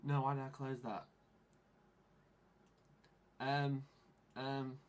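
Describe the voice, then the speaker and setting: A man's voice: medium pitch, level tone, extremely slow, clear, resonant tone. A man live-streaming, frantic and swearing as he mutters to himself, recorded on an onboard camera microphone. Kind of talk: livestream chat.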